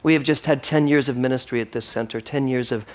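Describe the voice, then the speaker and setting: A man's voice: medium pitch, steady tone, fast talker. A man preaching a sermon as minister of his spiritual center, with emphatic rising lines and playful asides.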